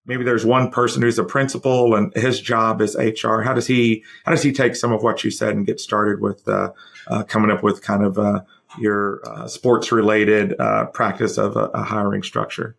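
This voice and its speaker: A male podcast host with a low, gravelly voice talks loosely and rambles. His questions wander through many fillers and restarts before he gets to the point. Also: level tone, normal speed, fairly bright tone. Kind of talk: conversational interview.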